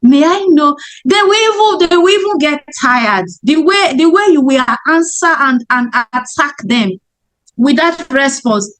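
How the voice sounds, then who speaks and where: A woman's voice: sits high, expressive, a little slow, fairly bright tone, low-quality recording. A woman teaching sales in a webinar, emphatic and repeating her key points. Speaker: sales trainer. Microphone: webinar microphone.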